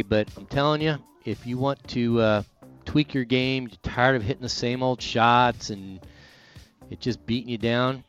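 A man, a sports radio host chatting casually and doing live reads in a rambling, animated way. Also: mid-range voice.

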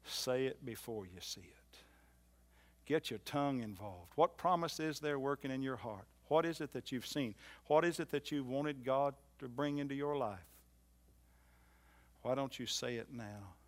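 A man preaching a sermon in a church, swinging from loud emphatic lines to soft low ones and repeating phrases for emphasis. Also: unhurried. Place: church hall.

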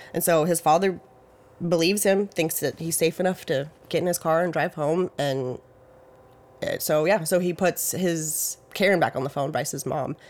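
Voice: medium pitch, unhurried. A podcast host casually retelling a true-crime case, talking loosely with lots of "like" and "you know" and hedging details with "I think" and "I believe". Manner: hedges facts with "I think" and "I believe".

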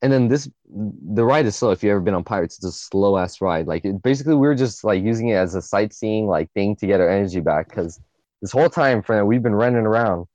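A young man co-hosting a podcast, telling a group story in casual chat, animated and swearing often. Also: fairly low pitch, fast, no room sound. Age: young adult. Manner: animated, swears a lot, acts out friends' lines. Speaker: podcast co-host.

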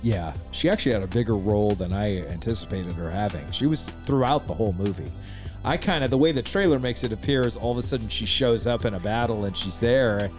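A man's voice: on the low side, a little fast, soft background music. A man co-hosting a casual film review chat, agreeable and talkative, often chiming in with yeah.

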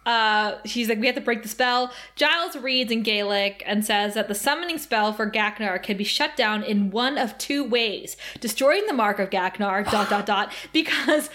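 A woman co-hosting a podcast, recapping a TV episode in a casual, giggly and animated way. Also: medium pitch, normal speed, few pauses. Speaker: podcast co-host.

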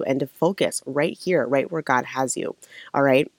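Devotional teacher from Minnesota, mid-pitched, earnest, dry close recording. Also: moderate pace, no echo. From Saint Paul, Minnesota. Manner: earnest, conversational, with frequent fillers and restarts.

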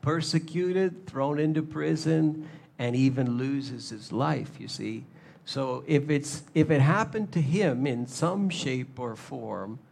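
A man preaching a sermon, animated, acting out little scenes in shifting voices. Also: medium pitch, gravelly. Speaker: pastor.

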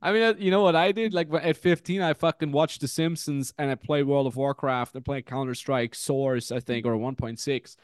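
A man in his thirties hosting a podcast, telling stories in an animated, swear-heavy, casual way. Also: medium pitch, normal speed, hardly any pauses, smooth, no echo, clean studio sound. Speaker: podcast host.

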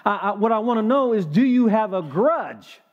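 A man's voice: high-pitched, lively intonation, moderate pace, muffled recording. A man doing an exasperated lawyer. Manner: insistent, impatient questioning. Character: exasperated male attorney. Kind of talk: joke told in a sermon.

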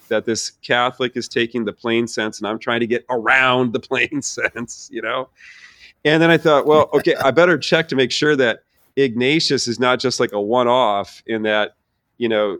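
A man's voice: mid-range voice, normal speed, no room sound. Earnest man telling his story, dry sound. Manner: earnest, animated storytelling with frequent restarts. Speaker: theology professor and guest. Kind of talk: conversational personal testimony.

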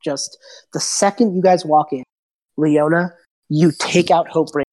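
A woman game master narrating a tabletop game, animated and swearing casually as she voices the characters. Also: low voice, measured pace.

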